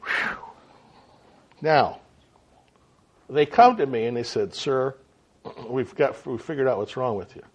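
A man preaching a sermon in a folksy, animated way, often checking in with his listeners. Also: on the high side, slightly rough. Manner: folksy, animated, frequent "right?" and "okay?" to the audience. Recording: dull lo-fi sound.

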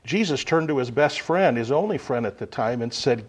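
A man preaching a sermon to a gathering, unhurried, swinging from loud emphasis to quiet asides. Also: medium pitch, animated, breathy edge.

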